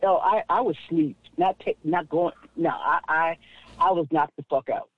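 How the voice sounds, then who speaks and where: A man calling in to a radio show, chatty and quick to laugh as he tells a story. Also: fairly high pitch, fairly even intonation, slightly rough, dry recording. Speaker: caller. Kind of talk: casual call-in chat. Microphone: phone. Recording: dry tinny phone line.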